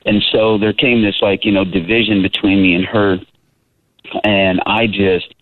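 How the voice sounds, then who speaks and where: A man's voice: on the low side, little pitch movement, measured pace, no room sound. A man in his thirties giving an earnest, emphatic testimony as an interview guest, talking casually. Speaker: interview guest, Christian rapper. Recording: tinny phone-like line, dry.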